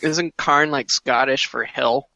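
A man's voice: mid-range voice, fairly even intonation, takes it slowly, vocal fry, pushed and bright, dry recording. A man co-hosting a podcast in casual chat, making dry, wry quips. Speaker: podcast co-host. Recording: slightly dull lo-fi sound.

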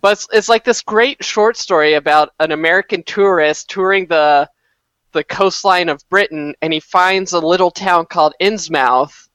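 A man's voice: sits high, normal speed, fairly bright tone, clear, resonant tone, no room sound. A man co-hosting a podcast, telling stories in wry, casual banter. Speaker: podcast co-host.

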